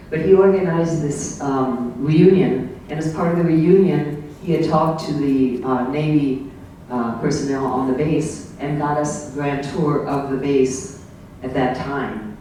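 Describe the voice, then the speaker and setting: An older man with a mellow, higher-pitched voice gives a casual slide presentation as a guest speaker at a club meeting room, rambling through anecdotes with many ums and asides. The room is very echoey, he sits far from the mic, and there's faint hiss.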